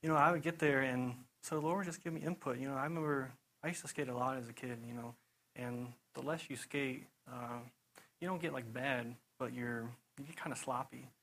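Young man preaching, rambling and animated. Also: medium pitch, a little fast, poor audio. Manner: rambling, animated storytelling with frequent "you know" and laughs. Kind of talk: casual sermon testimony.

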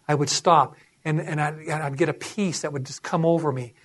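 Speaking briskly with few pauses, this middle-aged preacher has a somewhat high, slightly rough voice. His sermon draws on personal stories, which he performs vividly, voicing each character.

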